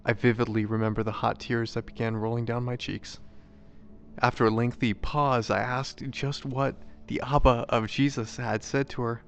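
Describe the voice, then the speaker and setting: Man reading a story in an even, level voice. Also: medium pitch, vocal fry. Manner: measured, even storytelling delivery. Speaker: chaplain. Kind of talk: reading a devotional story aloud. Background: soft background music.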